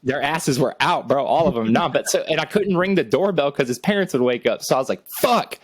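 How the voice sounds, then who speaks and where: A man's voice: mid-range voice, quick pace, no room sound. A young adult man, co-hosting a casual podcast, telling a rambling, profane story and laughing often. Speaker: podcast co-host.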